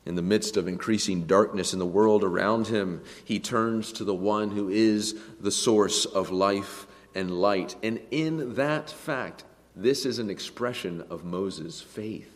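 Man preaching in a reverberant hall. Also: lowish voice. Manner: emphatic, swings between hushed and raised voice. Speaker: pastor. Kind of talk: sermon.

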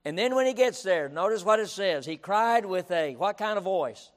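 High-voiced emphatic preacher. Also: male voice, lively intonation, moderate pace. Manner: emphatic, repeats himself, keeps saying "listen". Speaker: pastor. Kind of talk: sermon. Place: auditorium. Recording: reverberant auditorium.

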